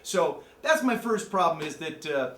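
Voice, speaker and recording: A man giving a joking, excitable movie review rant, from the American Midwest. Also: fairly high pitch, unhurried, roomy sound. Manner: joking, excitable, jumps into mocking voices. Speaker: amateur movie critic.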